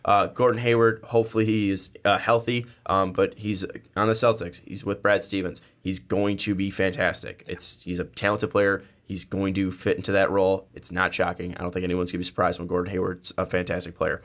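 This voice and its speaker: A man's voice: deep voice, level tone, brisk, few pauses, fairly bright tone. A young man co-hosting a sports podcast, talking casually with many fillers and restarts. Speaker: podcast co-host.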